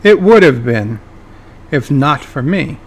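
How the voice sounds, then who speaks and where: A man's voice: medium pitch, animated, slow pace. A man voicing a smug, omnipotent male trickster who talks in teasing riddles.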